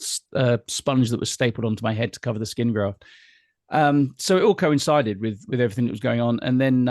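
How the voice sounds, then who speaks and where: A middle-aged British man answers interview questions in an open, wry way, pausing and restarting as he thinks. His voice sits at an ordinary pitch for a man. It is recorded close and dry, with almost no room sound. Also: a little mellow, dry recording. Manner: candid, wry, hesitant restarts. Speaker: guest entertainer. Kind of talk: interview conversation.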